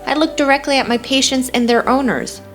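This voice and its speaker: A woman's voice: high voice, a little fast, soft background music, pitched above the performer's own voice, lightly acted. Woman reading as Reese, a lovesick young man. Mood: wry. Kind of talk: first-person audiobook narration.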